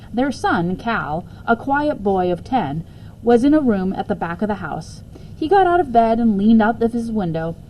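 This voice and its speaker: A woman's voice: medium pitch, a little hiss or hum, low-quality recording. Woman reading a children's book aloud. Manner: expressive, dramatic storytelling.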